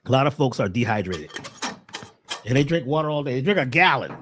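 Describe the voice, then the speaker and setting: Animated man with a lively voice. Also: medium pitch, a little fast. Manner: animated, preachy, full of rhetorical questions. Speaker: herbal health presenter. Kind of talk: casual livestream health talk.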